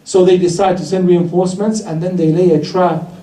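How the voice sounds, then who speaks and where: A high-voiced man preaching in an echoey hall. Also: steady tone, brisk, warm tone. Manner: mournful storytelling, voicing the figures in quotes. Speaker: speaker at a religious gathering. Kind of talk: sermon, retelling a martyrdom narrative. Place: hall of a religious gathering. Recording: echoey hall, mic at a distance.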